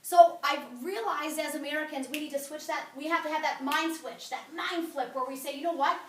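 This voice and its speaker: A woman giving an energetic, blunt wellness talk to a group in a meeting room. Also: high-pitched, brisk, a little hiss or hum. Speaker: wellness coach presenter. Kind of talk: sales presentation to a group. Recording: roomy, from far off.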